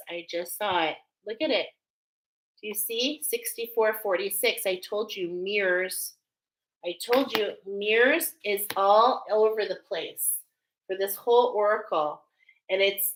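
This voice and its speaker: Woman oracle reader, slow and bright, effusive, live-stream card reading with an American accent. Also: medium pitch, rough recording. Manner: effusive, exclaiming, laughing often.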